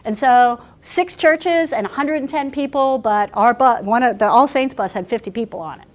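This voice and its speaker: A woman pastor telling stories in a workshop talk, animated and chatty with frequent restarts. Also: a little high, normal speed.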